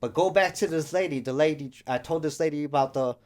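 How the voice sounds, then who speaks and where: A man's voice: on the high side, fast, a little mellow. A young man co-hosting a podcast, telling rambling stories in casual chat and acting out the voices of the people he quotes. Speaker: podcast co-host.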